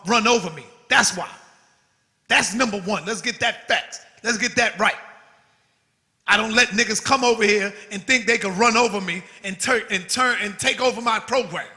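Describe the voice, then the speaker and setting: A man's voice: sits high, pushed and bright, in a large hall. A man hosting his own channel, delivering a defiant, profane rant to his audience. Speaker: channel host. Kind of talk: heated livestream rant.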